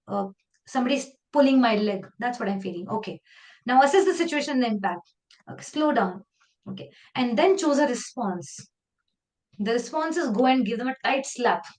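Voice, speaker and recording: A woman with an Indian English accent leading a live online training session, talking in a lively, conversational way and slipping into Hindi phrases. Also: on the high side.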